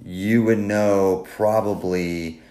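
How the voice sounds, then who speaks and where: Low-ish guy cohosting a podcast, rambling and restarting a lot, kinda echoey room. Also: steady tone, mellow. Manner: rambling, halting, joking. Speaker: podcast co-host. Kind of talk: casual chat. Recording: roomy echo.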